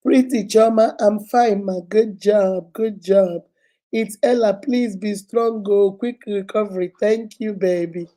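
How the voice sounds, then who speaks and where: Slow-talking woman with a cold. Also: medium pitch, fairly even intonation. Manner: warm, greets viewers one by one by name. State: sick with a cold, coughing. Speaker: livestream host. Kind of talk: casual livestream chat greeting viewers.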